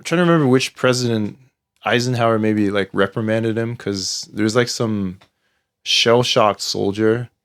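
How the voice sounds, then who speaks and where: A man's voice: fairly low pitch, measured pace, smooth, dry recording, clean studio sound. A man co-hosting a podcast, telling stories in a rambling casual way with many fillers. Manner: rambling, many fillers and restarts, animated storytelling. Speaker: podcast co-host. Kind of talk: casual conversation.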